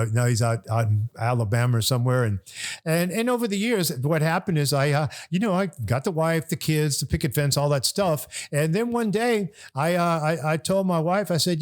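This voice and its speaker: An older man from New Orleans, a podcast guest, telling a long story in a rambling way, restarting and repeating words as he goes. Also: mid-range voice. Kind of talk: casual storytelling. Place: bar.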